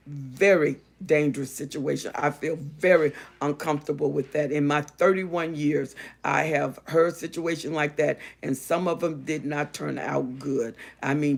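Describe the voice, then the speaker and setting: A woman's voice: sits low, gravelly. Emphatic preachy woman host. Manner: emphatic, repetitive, sermon-like cadence. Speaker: relationship advice host. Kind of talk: preachy monologue reading viewer comments.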